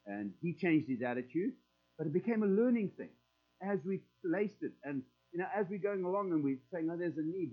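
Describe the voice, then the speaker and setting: Middle-aged male preacher, high voice, folksy sermon delivery, tinny phone-line sound. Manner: conversational and folksy, acting out prayers in quoted voices.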